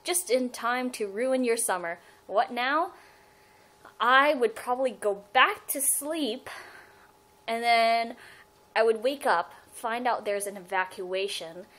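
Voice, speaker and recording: A woman's voice: fairly high pitch, takes it slowly, a bit bright, rough recording. A young woman talking to her webcam in a casual fan vlog, answering viewer questions. She rambles, giggles and often cuts herself off mid-sentence. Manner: rambling, giggly, self-interrupting. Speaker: fan vlogger.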